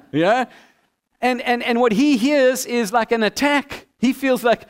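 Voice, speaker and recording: High, clear-voiced man preaching. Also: measured pace. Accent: non-local accent. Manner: animated preaching, acting out both sides of a dialogue. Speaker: pastor. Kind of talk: sermon.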